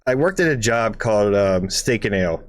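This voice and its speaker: A man's voice: fairly low pitch, moderate pace, dry recording, studio quality. Rambling, profane man telling a story. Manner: rambling, profane, lots of "right?" asides; animated, makes engine noises and sound effects. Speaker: podcast co-host. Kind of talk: casual storytelling chat.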